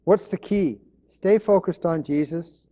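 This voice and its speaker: A man's voice: on the high side, a little slow, mellow, dull audio. A man preaching a sermon as pastor, in an earnest manner, repeating his key phrases.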